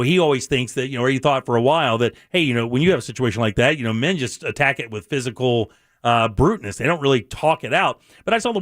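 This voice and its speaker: A man's voice: a little high, a bit bright, no echo, clean studio sound. A man hosting a talk show, telling stories animatedly and acting out quoted voices. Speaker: radio talk show host. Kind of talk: casual talk show chat.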